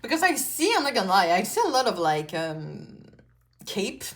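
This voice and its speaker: A woman's voice: mid-range voice, very animated, normal speed. Chatty woman giving a tarot reading. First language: French. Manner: chatty, many "like" and "you know" fillers, frequent swearing. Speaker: tarot reader. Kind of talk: casual pick-a-card tarot reading.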